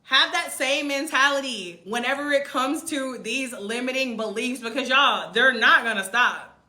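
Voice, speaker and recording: Woman vlogger, thirties, high bright voice, emphatic motivational live-stream, echoey room. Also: normal speed. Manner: emphatic, repeats lines, addresses viewers as y'all. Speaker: vlogger livestreaming to followers. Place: room in Mexico.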